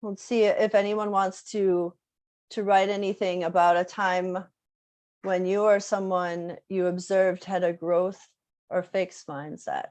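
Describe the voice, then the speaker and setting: A woman's voice: lowish voice, little pitch movement, measured pace, a little mellow. A woman music teacher giving a casual workshop talk, conversational, with many fillers and tag questions. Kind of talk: casual online presentation.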